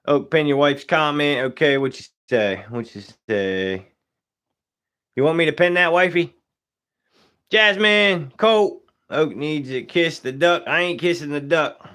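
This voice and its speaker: A man's voice: fairly high pitch, lively intonation, unhurried, pushed and bright, clear, resonant tone. A young man, a taxidermist, chatting casually on a live stream, greeting viewers by name and joking as he works. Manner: laid-back, greets viewers by name, Southern-style casual grammar.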